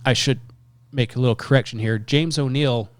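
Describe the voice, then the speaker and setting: A man's voice: medium pitch, fairly even intonation, moderate pace, dry recording. A man co-hosting a podcast, chatting casually and reading historical quotes aloud with emphasis. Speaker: podcast co-host.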